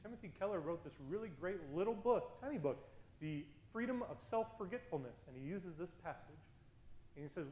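A man preaching a sermon as pastor, casual and energetic, with quick laughs and chatty asides. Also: high voice, roomy sound, low-quality recording.

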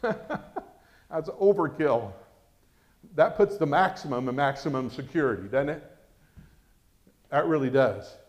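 A man preaching a sermon as pastor, animated and acting out quoted voices. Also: a little high.

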